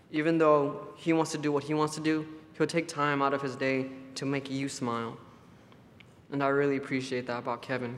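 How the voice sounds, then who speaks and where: A man's voice: medium pitch, slight background noise. A man giving a conversational sermon at a church camp, telling affectionate stories before turning to scripture. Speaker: preacher. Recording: long hall reverb.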